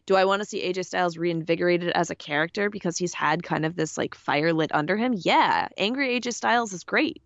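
Woman podcast co-host, rambling casual chat, lowish voice, dull dry sound. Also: a little fast, vocal fry, few pauses, no echo. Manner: chatty, rambling, many fillers.

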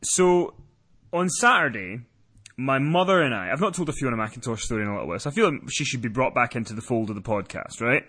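A man tells a story on a podcast in a lively, swooping voice. His tone is bright and forward. He rambles, doubles back and restarts as he goes. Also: mid-range voice, quick pace, slightly rough. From lives in Scotland. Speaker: podcast co-host. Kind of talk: casual podcast chat.

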